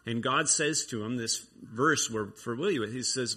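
A man's voice: mid-range voice, normal speed, few pauses, pushed and bright, husky. A man giving an informal sermon, reading scripture and reflecting aloud in a conversational way. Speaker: preacher.

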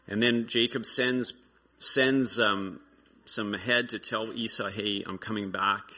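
A man's voice: lowish voice, fairly even intonation, unhurried, bright, forceful tone. A man giving an informal sermon, reading scripture and reflecting aloud in a conversational way. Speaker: preacher.

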